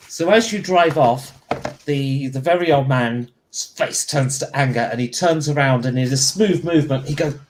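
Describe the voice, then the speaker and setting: A man with a voice pitched a little above the usual, telling the story of a tabletop game as its game master. He rambles along easily, with filler words and restarts, and sets the scene at an unhurried pace. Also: a little hiss or hum. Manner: rambling, relaxed narration with fillers.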